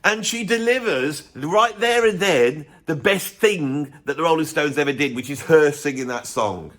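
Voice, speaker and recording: A man's voice: on the high side, lively intonation, normal speed, fairly bright tone. A man hosting a music channel, ranting his blunt opinions in casual talk to camera with chuckling asides.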